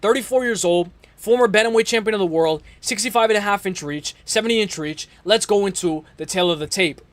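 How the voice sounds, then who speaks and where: Excitable young man breaking down fights. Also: high voice, fairly quick, no echo. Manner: excitable, rambling, slangy, self-correcting. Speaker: MMA podcast host. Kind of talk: casual fight preview talk.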